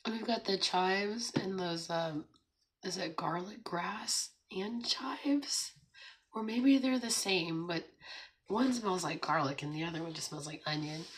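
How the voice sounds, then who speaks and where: A woman with a hoarse, raspy voice from laryngitis, hosting a casual morning livestream, chatting, laughing often and greeting viewers. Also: lowish voice, normal speed. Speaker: livestream host. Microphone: streaming setup.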